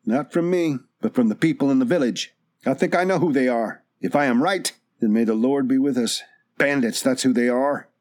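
A man voicing a calm, well-spoken stranger in an audiobook, quiet and precise, raised well above his narrating voice. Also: mid-range voice, normal speed, no echo, studio quality, voice pushed up, lightly acted. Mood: earnest.

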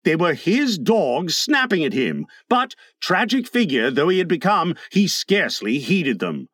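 A man narrating a storybook in an expressive, dramatic reading. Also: fairly high pitch, measured pace, dry recording, clean studio sound. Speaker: audiobook narrator.

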